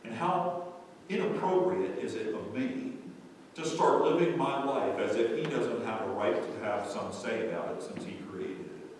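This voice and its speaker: A man's voice: mid-range voice, measured pace, far from the mic. Man, pastor, sermon, church sanctuary, long hall reverb, faint room noise. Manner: swings from quiet storytelling to loud excited preaching.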